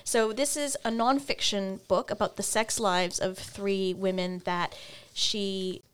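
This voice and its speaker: A woman's voice: medium pitch, slow pace, clean tone. A woman co-hosting a podcast, casually reviewing books and giggling between points. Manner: giggly, lively. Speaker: podcast co-host. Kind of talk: casual book chat.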